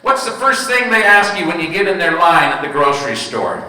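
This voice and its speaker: Young male stand-up, high and bright, echoey hall sound from a distance, lively storyteller who acts out voices. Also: fairly quick. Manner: animated storytelling with put-on voices. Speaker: stand-up comedian. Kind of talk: stand-up comedy routine.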